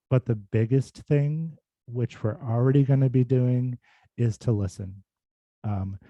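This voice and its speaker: A man's voice: medium pitch, dark tone, no room sound, muffled recording. A man who works as a speech and voice clinician, giving a casual, thoughtful talk full of fillers and restarts over a video call. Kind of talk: casual informal presentation.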